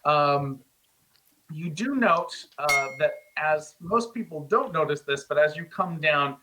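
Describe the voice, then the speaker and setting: A man's voice: a little high, lively intonation, slow, noisy background. A man narrating a tabletop game as game master, rambling with many fillers.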